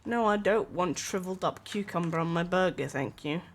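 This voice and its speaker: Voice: medium pitch, normal speed. A streamer chatting casually and rambling, with lots of filler words and small laughs.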